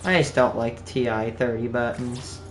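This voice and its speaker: A man's voice: mid-range voice, fairly even intonation, moderate pace, soft background music. A young man streaming a game live, chatting to viewers in a casual, earnest, rambling way. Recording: echoey room with faint background hum.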